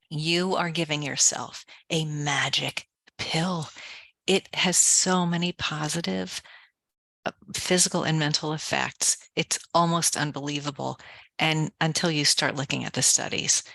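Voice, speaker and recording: An energetic woman author talks in an interview, moving between personal story and calm step-by-step coaching. Her voice is bright and forward with a gravelly fry at the edges. The sound is dry and close, with no room echo. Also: sits low. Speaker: author and podcast guest. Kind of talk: conversational interview, guided relaxation instructions.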